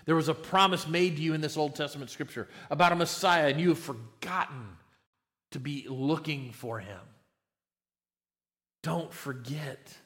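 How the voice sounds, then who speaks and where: Male pastor, slightly higher voice, emphatic sermon delivery with stumbling restarts. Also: normal speed, fairly bright tone. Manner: emphatic, repeats words when starting phrases.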